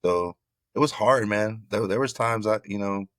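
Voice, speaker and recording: Deep-voiced man telling his story. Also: normal speed, no room sound. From Florida. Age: middle-aged. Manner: animated, conversational, repeats phrases for emphasis. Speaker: former football player, guest. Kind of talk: candid interview storytelling.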